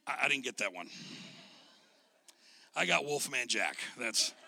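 A middle-aged male pastor with a scratchy, gravelly voice, preaching a sermon in a folksy storytelling way and often repeating his words. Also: mid-range voice, pushed and bright.

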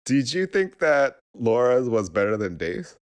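A man's voice: mid-range voice, sing-song, measured pace. A man co-hosting a podcast in casual chat, who breaks into giggles mid-sentence. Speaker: podcast co-host.

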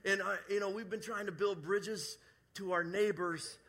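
A middle-aged man preaches a sermon, spinning a personal story with humor and asides. His voice is bright and forceful, sitting a little high for a man. He speaks to a church congregation. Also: normal speed, a little hiss or hum. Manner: storytelling, animated, jokey asides. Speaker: pastor. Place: church service before a congregation.

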